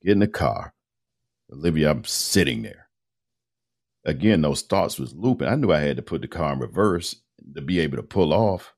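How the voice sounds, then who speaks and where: A man's voice: extremely low pitch, animated, moderate pace, darkish tone. A middle-aged man, a voice-over artist, telling a long personal story as a podcast guest in a casual, slangy way and acting out the dialogue.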